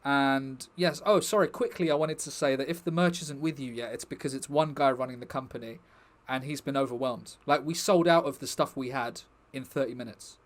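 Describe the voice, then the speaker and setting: A man's voice: medium pitch, a little fast, hardly any pauses. A young man chatting casually to his stream viewers, rambling and joking with the chat.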